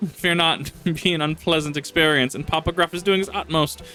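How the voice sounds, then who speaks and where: A man's voice: fairly high pitch, fairly even intonation, fairly quick, pushed and bright, faint music behind, pitched above the performer's own voice, rough recording. A man voicing a scheming pumpkin-headed witch in a game, using a pompous villain voice rather than a female one. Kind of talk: reading game dialogue aloud.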